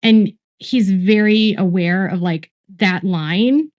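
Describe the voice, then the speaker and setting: Woman commentator in a played clip, recounts gossip from sources, slow and repetitive. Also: mid-range voice, darkish tone. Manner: lists traits slowly, repeats words for emphasis. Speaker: online commentator.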